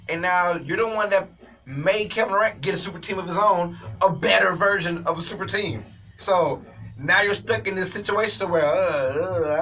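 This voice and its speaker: A man hosting a sports talk show, giving an opinionated, animated commentary monologue and addressing viewers as ladies and gentlemen. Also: on the high side, recorded from a distance, poor audio.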